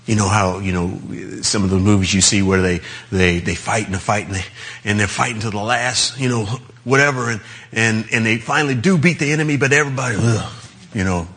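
A man preaches in a very husky, breathy voice that sits on the low side. He talks loosely and conversationally, chuckling as he goes. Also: brisk, fairly bright tone. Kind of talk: sermon.

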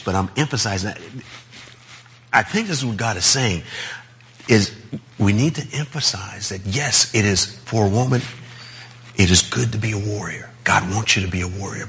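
A man preaches in a very husky, breathy voice that sits on the low side. He talks loosely and conversationally, chuckling as he goes. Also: fairly bright tone. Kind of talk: sermon.

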